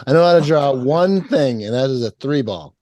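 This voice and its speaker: A man's voice: medium pitch, animated, normal speed, crowd noise. A man co-hosting a podcast in casual chat, joking and laughing often, restarting his sentences. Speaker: podcast co-host.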